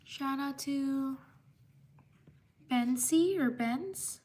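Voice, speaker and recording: A woman hosting a livestream, reading viewer names in a slow, repetitive way. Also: high voice. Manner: slow, flat, repetitive listing with pauses. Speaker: livestream host. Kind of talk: reading out viewer shout-outs.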